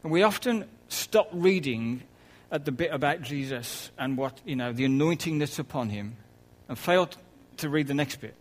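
A man's voice: a little high, expressive, moderate pace, few pauses, low-quality recording. Man preaching a chatty sermon. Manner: conversational, with soft laughs and asides.

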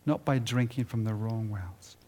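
A man preaching a sermon at a conference, building to loud emphatic peaks and dropping low and quiet at the ends of phrases. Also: normal speed. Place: conference hall.

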